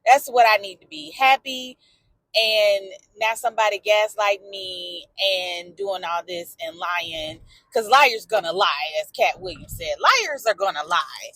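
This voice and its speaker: A woman's voice: mid-range voice, expressive, a little slow, a bit bright, no echo. A woman talking candidly in a personal vlog from her car, emotional and outspoken, swearing and answering back to a story she follows. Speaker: vlogger.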